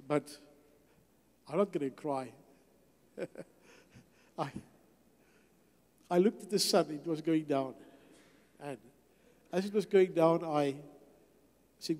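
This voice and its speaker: An older man tells his testimony in a church hall and acts out every exchange as he goes. His voice sits a touch high for a man but sounds mellow and unforced. A long reverb trails behind each phrase. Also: slow, long pauses. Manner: storytelling, acts out dialogue. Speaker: guest speaker. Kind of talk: testimony sermon.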